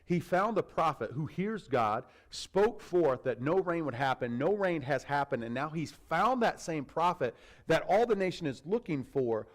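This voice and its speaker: A man preaching a sermon as a pastor, telling the story in an animated, conversational way with asides to the congregation. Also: a little high, moderate pace, low-quality recording.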